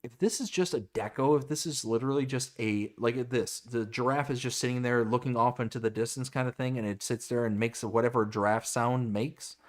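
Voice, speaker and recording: A man's voice: mid-range voice, brisk, hardly any pauses. A man co-hosting a casual live stream, stammering and exasperated as he reacts and reads chat comments aloud. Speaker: livestream co-host.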